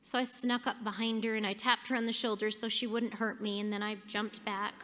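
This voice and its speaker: A woman's voice: mid-range voice, flat delivery, fairly quick, fairly bright tone, slight background noise. A woman giving a keynote speech, telling a personal story with animation and acting out the people in it. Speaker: keynote speaker. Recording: long hall reverb.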